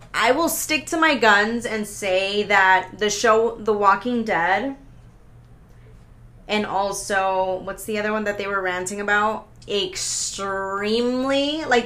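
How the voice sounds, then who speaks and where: A woman hosting a solo podcast, talking in an excitable, rambling way, swearing often, stopping herself and restarting, pacing as she talks. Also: mid-range voice. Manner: paces around while talking. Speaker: podcast host. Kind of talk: casual solo podcast rant.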